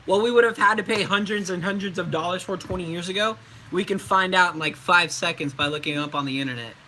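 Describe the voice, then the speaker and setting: A man's voice: high voice, fast talker, bright, forceful tone, slight background noise, rough recording. A young adult man, a voice actor, giving casual livestream tips in a chatty, loose way, with many fillers and restarts.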